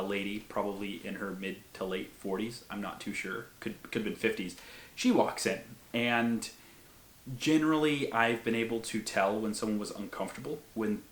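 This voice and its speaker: A man's voice: on the low side, fairly bright tone, echoey room. A young man in his twenties casually telling a long story, rambling with many fillers and an amused tone. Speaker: WWI living historian and video host.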